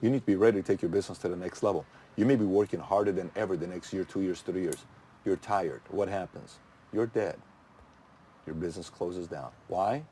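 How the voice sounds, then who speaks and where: A man's voice: low-pitched, a little fast, mellow, a little hiss or hum. A middle-aged man hosting his channel, giving a punchy motivational talk full of rhetorical questions that he answers himself. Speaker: channel host.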